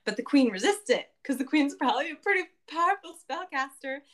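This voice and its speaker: A woman's voice: animated, a little fast, a bit bright. Chatty woman recapping a game session. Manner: chatty, laughs often, acts out quotes in a higher voice. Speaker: podcast host recapping a tabletop game session. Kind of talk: casual recap chat.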